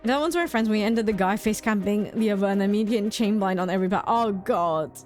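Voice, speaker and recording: A woman's voice: medium pitch, fast talker, darkish tone, soft background music. A young woman streamer chatting casually and playfully, giggling often as she reacts to chat.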